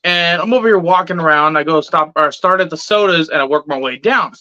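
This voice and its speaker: Man, high voice, bright and tense, animated storyteller, swears a lot, dry dull lo-fi sound. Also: brisk, dry recording. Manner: animated, swears freely, acts out quotes. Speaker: reptile keeper telling a story. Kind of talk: casual storytelling.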